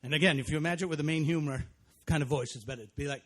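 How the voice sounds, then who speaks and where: A man emceeing a live show on an outdoor festival stage, energetic and joking with the crowd. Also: a little high, racing. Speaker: master of ceremonies.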